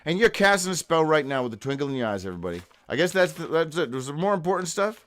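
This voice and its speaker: A man's voice: fairly high pitch, sing-song, quick pace, fairly bright tone. A man hosting a daily live show, rambling through a profane, free-associating monologue read from his own notes, breaking into sudden whoops. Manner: reads aloud from his own notes, stumbling.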